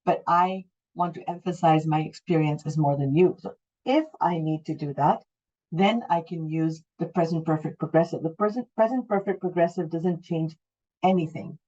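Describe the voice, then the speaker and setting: A woman in her forties from Canada teaches English in a patient, explanatory way, circling back to her main points. Her voice sits a little low. The audio sounds dull and lo-fi. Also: moderate pace, warm tone. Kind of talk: online class lesson.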